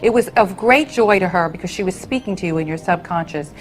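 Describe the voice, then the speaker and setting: A woman working as a psychic medium, giving readings to an audience in a gentle, consoling way and calling people honey and sweetheart. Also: lowish voice, fast. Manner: soothing, endearments, relays messages.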